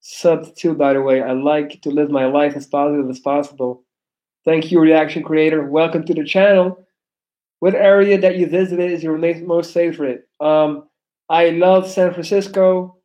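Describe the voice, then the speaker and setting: A man in his thirties from Belgium with an American accent, chatting loudly and animatedly on a live stream, cussing freely. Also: a little high, steady tone, normal speed, muffled recording. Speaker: livestreamer. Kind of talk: casual live stream chat.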